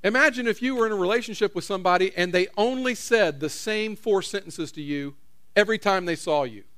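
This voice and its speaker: Middle-aged pastor, high voice, chatty sermon style, talks straight to the pews. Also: male voice, brisk, a bit bright. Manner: conversational, repeats phrases, questions the audience. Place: church.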